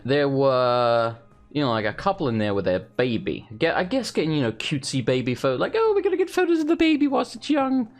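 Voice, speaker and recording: Rambling young man gaming. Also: medium pitch. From England. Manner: rambling, exasperated, talks to himself. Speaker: let's play host. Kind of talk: casual gameplay commentary.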